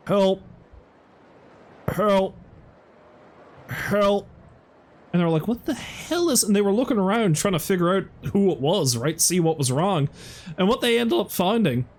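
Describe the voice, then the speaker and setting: A man streaming a game who tells a rambling story in a laid-back way and swears casually. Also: fairly high pitch. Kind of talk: casual storytelling while gaming.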